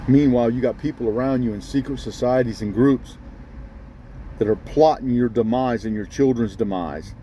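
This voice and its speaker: Blunt, scolding man with a mellow voice. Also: mid-range voice, moderate pace, a little hiss or hum, low-quality recording. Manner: blunt, scolding, keeps asking "okay?". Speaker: vlogger addressing viewers. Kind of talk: ranting monologue to camera.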